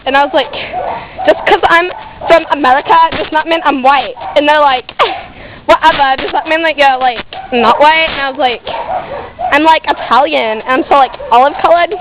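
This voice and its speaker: A woman's voice: sits high, a little fast, background noise. A woman performing a comic monologue in a sassy valley-girl manner, filling her talk with "like.".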